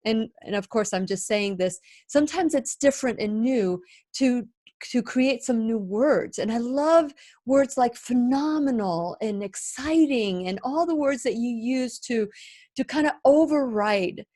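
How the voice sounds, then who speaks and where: A woman hosting a radio interview, asking long, halting questions full of fillers and restarts. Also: a little high, lively intonation, warm tone. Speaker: radio show host.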